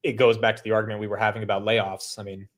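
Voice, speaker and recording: A man's voice: fairly low pitch, little pitch movement, quick pace. A man hosting a market show, reading headlines and chatting casually. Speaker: host. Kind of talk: market news chat.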